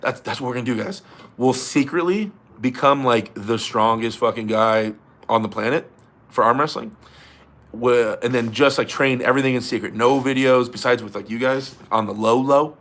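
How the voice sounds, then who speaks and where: A man's voice: medium pitch, normal speed, fairly bright tone. A young man hosting a casual livestream, reading viewer comments in a laid-back way, laughing often and swearing casually. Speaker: livestream host.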